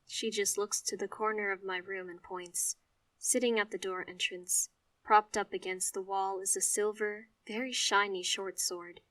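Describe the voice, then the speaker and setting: A woman tells a story in the first person, leaning on words with expressive emphasis. Her pitch sits mid-range for a woman. The recording is dry, with the mic a little distant. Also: measured pace, no room sound.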